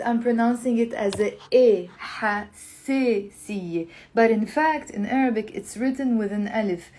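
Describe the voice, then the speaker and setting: An upbeat woman leads a live online language lesson. She coaxes her viewers to repeat after her and says each word slowly. Her voice sits a little high. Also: mellow, rough recording. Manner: upbeat, coaxing, repeats words slowly for learners. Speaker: language teacher.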